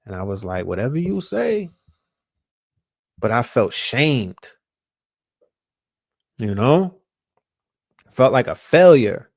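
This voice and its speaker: A man from Brooklyn with a New York accent, hosting a podcast and telling stories in a casual, profane, animated way, often restarting his words. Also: lowish voice, slow pace, long pauses, no echo, clean studio sound. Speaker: podcast host. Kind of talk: casual storytelling.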